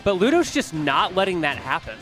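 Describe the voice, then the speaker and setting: A male esports commentator with a somewhat high voice, breaking down plays in an easygoing, explanatory way and chatting with viewers. Faint music runs under the stream. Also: sing-song, brisk, fairly bright tone. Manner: chatty, explanatory, talks to chat. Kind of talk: casual analytical commentary.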